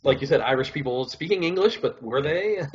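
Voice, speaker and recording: A man's voice: fairly high pitch, sing-song, moderate pace. Rambling man on a muffled podcast. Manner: rambling, full of "like" and "whatever". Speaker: podcast co-host. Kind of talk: casual chat reviewing shows.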